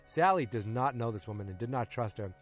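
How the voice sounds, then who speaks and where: A man's voice: mid-range voice, lively intonation, faint music behind. Man casually recapping a TV episode. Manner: retells scenes by acting out lines in quick quotes. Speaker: podcast host. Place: outdoors in a park.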